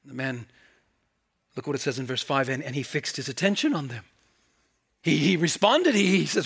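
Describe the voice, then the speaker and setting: A man preaching an expository sermon, with animated swings between loud emphatic quotes and quiet asides, and frequent restarts. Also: fairly high pitch, moderate pace, gravelly, pauses often, slightly rough. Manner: frequent restarts and repeated words. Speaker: pastor.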